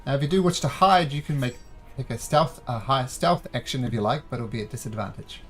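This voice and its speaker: A man running a tabletop game as game master, calmly explaining rules and narrating the scene. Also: medium pitch, a little fast. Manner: calm, explains rules patiently.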